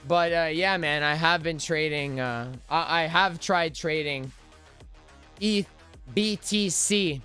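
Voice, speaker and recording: A man's voice: on the high side, takes it slowly, sharp tone, smooth, soft background music. A young man hosting a live trading stream, talking energetically and chatting with viewers.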